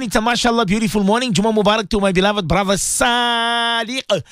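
A man's voice: sits high, steady tone, a little fast, fairly bright tone, clean tone, dry recording, clean studio sound. A man hosting a morning radio show as a Maulana, talking casually and animatedly to listeners, often repeating words as he pleads and exclaims.

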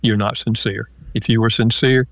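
A man's voice: lowish voice, level tone, moderate pace, no room sound. An older man, an author and marriage counselor, answering interview questions and acting out example phrases as he explains. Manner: explains in numbered lists with acted-out example quotes.

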